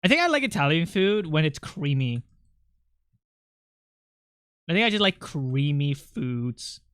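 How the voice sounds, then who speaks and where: An art streamer chatting casually while drawing, joking around, quickly apologizing and running down their own skills. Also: mid-range voice, big pitch swings, fairly bright tone, clear, resonant tone, dry recording, clean studio sound. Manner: self-deprecating.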